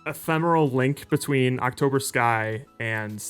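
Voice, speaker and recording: Co-host, man, mid pitch, dry wit, quizmaster energy, faint music behind. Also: measured pace, fairly bright tone, clear, resonant tone. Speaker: co-host reading trivia questions. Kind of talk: casual chat on a live stream.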